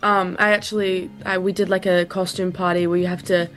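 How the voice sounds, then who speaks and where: A young woman, a musician guest in a casual radio interview, soft-spoken and loose, with lots of fillers. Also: on the low side, little pitch movement, fairly quick.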